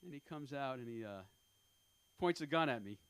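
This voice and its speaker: A man in his fifties doing an open-mic stand-up set on a comedy club stage. He talks in a rambling, self-deprecating way, halting often with fillers. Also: mid-range voice, lively intonation, clear, resonant tone, no room sound. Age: 50s.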